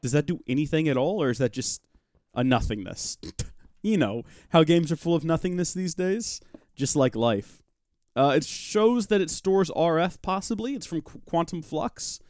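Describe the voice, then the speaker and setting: A man narrates his live game session in a loose, joking way, talking to his viewers and to objects in the game. His pitch swings a lot, bouncy and expressive. The sound is close and dry, with no room echo. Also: moderate pace. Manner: chatty, joking asides, talks to chat and his pet rock. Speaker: gaming livestream host. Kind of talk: live Minecraft modpack let's-play commentary.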